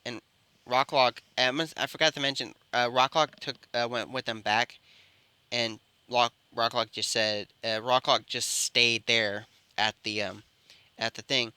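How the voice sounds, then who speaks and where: A man's voice: medium pitch, fairly even intonation, a little slow, bright, forceful tone, smooth, dry recording. A man improvising a fan-fiction story, rambling and often correcting himself. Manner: rambling, with frequent self-corrections. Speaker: storyteller and channel host.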